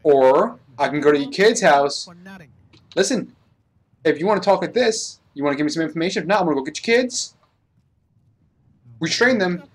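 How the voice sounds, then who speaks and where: A man's voice: on the high side, animated. A man playing a police interrogator in an online game role-play, taunting and repeating himself as he presses for information. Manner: taunting, repetitive, quick-talking interrogator.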